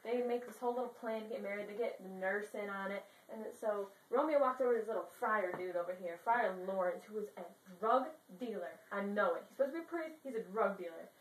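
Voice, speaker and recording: A woman's voice: mid-range voice, fast talker, hardly any pauses, recorded from a distance, a little hiss or hum. A woman retelling a classic play as a crude, slangy comedy bit, recorded in a roomy space away from the mic. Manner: crude, brash and profane. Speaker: storyteller.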